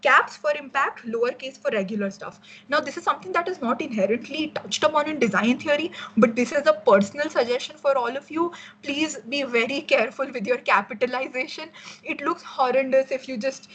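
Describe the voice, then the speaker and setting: A woman's voice: high voice, brisk, a bit bright, a little hiss or hum, poor audio. A young woman with an Indian English accent, giving a casual workshop lecture on design as a mentor, explaining with frequent fillers and restarts.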